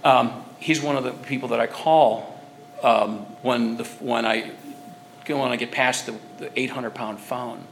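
Man, personal testimony at a group meeting, rambling and halting, average pitch. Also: fairly even intonation, a little hiss or hum. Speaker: speaker sharing at a recovery meeting.

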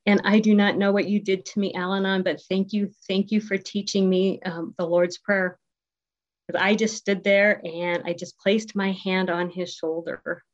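A middle-aged woman speaking at a recovery group meeting, sharing her personal story in a heartfelt, conversational way with many ums and pauses. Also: mid-range voice, little pitch movement. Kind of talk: personal testimony share. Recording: dull lo-fi recording.

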